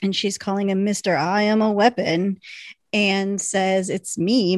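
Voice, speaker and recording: A woman in her thirties, a podcast co-host, recapping a TV episode in casual, animated chat. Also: medium pitch, unhurried, dry recording, clean studio sound. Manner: animated storytelling, acts out quotes with laughs.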